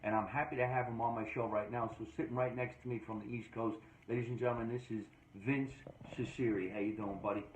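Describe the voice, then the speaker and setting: A man from New Jersey hosting a casual podcast chat, energetic and joking with emphatic delivery. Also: medium pitch, quick pace, few pauses, slight background noise. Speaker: podcast host. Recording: echoey room, dull lo-fi sound.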